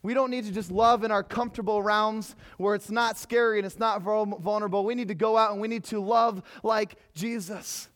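A man preaching a sermon, emphatic, moving from loud exhortation to hushed storytelling. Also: high-pitched, fairly even intonation, fairly quick, few pauses.

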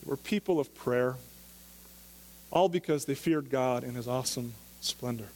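A man's voice: mid-range voice, moderate pace, darkish tone, big-room sound. A man preaching a sermon as pastor, talking in a conversational way and asking the listeners question after question.

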